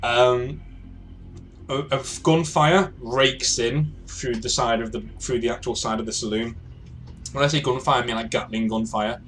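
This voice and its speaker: A man running a tabletop role-play game, narrating scenes and calling for dice rolls in a halting, filler-heavy way. His voice sits at a middle pitch. A faint hiss of noise runs under the recording. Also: steady tone, fairly bright tone. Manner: hesitant, many fillers and restarts. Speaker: game master.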